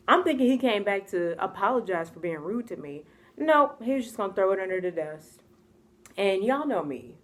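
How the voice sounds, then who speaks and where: A young American woman telling a personal story in a casual vlog, chatty and expressive, often acting out what people said and laughing. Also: medium pitch. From United States.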